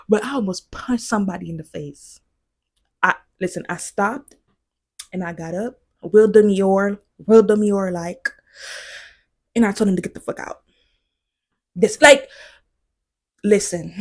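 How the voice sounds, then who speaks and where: A woman's voice: medium pitch, wildly swooping pitch, slow pace, long pauses, fairly bright tone. A woman giving casual, passionate commentary as a vlogger, emphatic and sometimes dropping to a near whisper.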